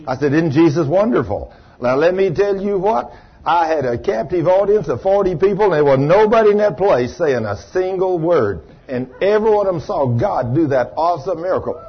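A man preaching, telling a testimony story in a folksy, animated way and acting out the voices he quotes. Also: on the high side, a little fast, breathy edge. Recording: dull lo-fi sermon recording.

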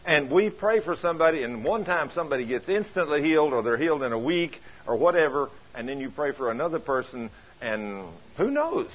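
A man preaching in a folksy, animated storytelling style. His voice is fairly high and husky, and it swings up and down a great deal. The recording sounds dull and lo-fi.

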